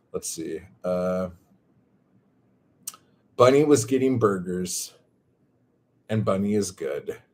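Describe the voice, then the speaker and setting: A man with a Californian accent chatting casually on a livestream, drawing his words out slowly, swearing freely and rambling as he reads chat aloud. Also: low voice, a little mellow. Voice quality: slow, drawn-out surfer-dude drawl.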